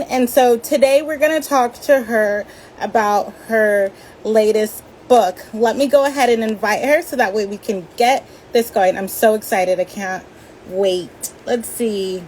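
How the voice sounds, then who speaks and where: A bubbly woman with a high, bright voice hosts a live online book signing. She chats casually and laughs easily, heard through a video call. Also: slight background noise, rough recording. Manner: bubbly, chatty, laughs often. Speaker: bookstore host. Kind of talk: casual live-stream interview. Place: home setup in California.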